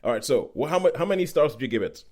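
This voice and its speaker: A man hosting a casual podcast chat over a video call, animated and steering the conversation. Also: a little high, rapid-fire. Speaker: podcast host.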